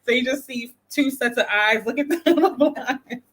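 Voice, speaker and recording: A man's voice: very high voice, normal speed, fairly bright tone. A man from the United States hosting a casual livestream, rambling and laughing as he talks straight to viewers. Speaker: livestream host.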